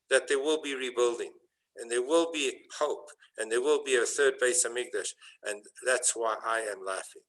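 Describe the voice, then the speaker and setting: A man giving a sermon as a rabbi, telling a story and building to fervent emphasis, with some halting restarts. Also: medium pitch, fairly bright tone, rough recording.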